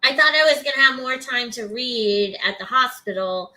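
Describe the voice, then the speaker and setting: A woman's voice: fairly high pitch, lively intonation, normal speed, pushed and bright, rough recording. A woman co-hosting a couples podcast, answering plainly and matter-of-factly in casual chat. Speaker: podcast co-host.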